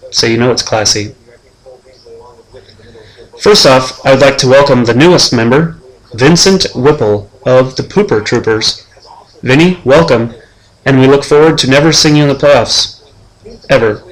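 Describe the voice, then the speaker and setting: A young man hosts a homemade sports-show preview as his fantasy league's commissioner. He ribs each player in a dry, deadpan tone. His voice sits at a medium pitch. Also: poor audio. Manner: deadpan trash talk.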